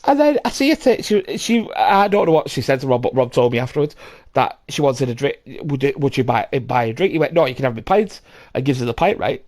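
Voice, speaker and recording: A man's voice: medium pitch, very animated, a little fast, a little mellow. A young man hosting a podcast, telling rambling, sweary stories with frequent laughs and acted-out voices. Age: young adult. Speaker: podcast host. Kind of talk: casual storytelling.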